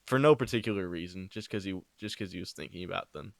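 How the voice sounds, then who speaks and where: Brief: young male narrator, deadpan, rambling, crude improv, home mic. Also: sits low, fast talker, vocal fry, dry recording, studio quality. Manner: rambling, deadpan, swearing, ad-libbed. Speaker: amateur parody narrator. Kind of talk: improvised crude mock storytelling. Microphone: new home microphone.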